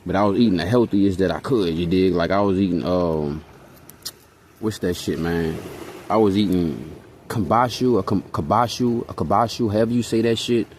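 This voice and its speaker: Deep-voiced young guy from hawaii, rambling slangy storytelling, faint noise behind. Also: moderate pace, warm tone. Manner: rambling, slangy, profane, keeps checking in with "you know what I'm saying". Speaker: vlogger. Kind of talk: casual storytelling monologue.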